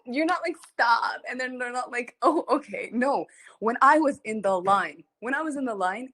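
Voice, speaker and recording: Animated young woman rambling through a story. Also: fairly high pitch. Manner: frequent giggling. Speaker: singer hosting a livestream listening party. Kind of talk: casual chat.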